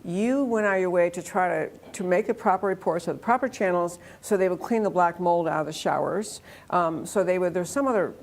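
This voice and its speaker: A woman hosts an interview with a slightly low voice. She is earnest and affirming toward her guest, and her long comments ramble on before she gets to the point. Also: a little fast, hardly any pauses. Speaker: talk show host. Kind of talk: conversational interview.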